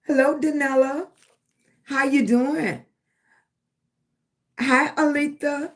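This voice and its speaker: A woman's voice: high voice, steady tone, slow. A middle-aged woman from Virginia, hosting a livestream, giving encouragement and greeting viewers affectionately by name, often asking "right?". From Virginia, USA. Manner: affectionate, calls listeners baby and sweetie, keeps asking "right?". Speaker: livestream host. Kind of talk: live-stream motivational talk and greeting viewers.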